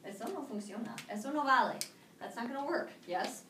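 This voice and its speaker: A woman teaching a high school Spanish class, drilling students with call-and-response prompts in English and Spanish. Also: lively intonation, brisk, a bit bright. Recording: echoey classroom from far off, faint noise.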